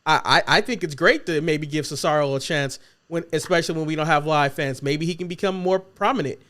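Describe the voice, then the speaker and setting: A man hosting a casual podcast chat, joking and teasing his co-hosts in an animated way. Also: fairly high pitch, brisk. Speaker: podcast host.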